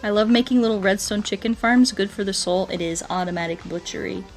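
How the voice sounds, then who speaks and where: A woman's voice: medium pitch, fast, faint music behind. A woman streaming a game, chatting playfully with her viewers and breaking into silly songs and mooing. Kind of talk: casual gameplay commentary.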